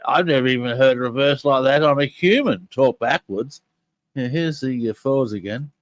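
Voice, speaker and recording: This older host talks to his podcast audience at a normal speed in a mid-range voice, with no room sound in the recording. He is casual and keen, speaking straight to listeners as he presents clips.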